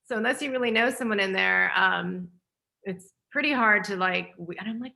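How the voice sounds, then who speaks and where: A woman film director on a panel, telling a story with lively acted-out dialogue. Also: mid-range voice, brisk, vocal fry.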